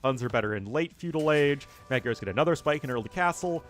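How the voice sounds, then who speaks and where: A caster with a General American accent commentates live on a strategy game, reading chat in a chatty, casual way and laughing often. His mid-range voice is expressive and quick-paced.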